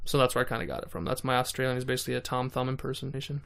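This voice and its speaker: Fast-talking male podcast guest. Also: medium pitch, completely flat delivery, fairly bright tone, clean tone. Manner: quick, filler-heavy explaining. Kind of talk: casual chat.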